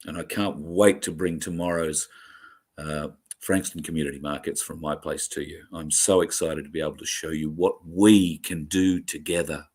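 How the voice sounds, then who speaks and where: A man hosts a show and thanks his viewers in a sincere, emotional way, halting often with fillers and restarts. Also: extremely low pitch, fairly even intonation, a little mellow, husky. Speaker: host. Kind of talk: heartfelt sign-off to viewers.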